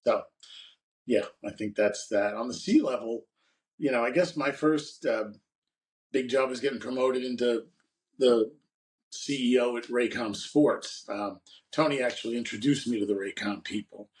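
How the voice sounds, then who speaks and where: A man's voice: mid-range voice, normal speed, far from the mic, rough recording. A man co-hosting a podcast, telling rambling stories about his career in a casual chat. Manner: rambling anecdotal storyteller. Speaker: podcast co-host.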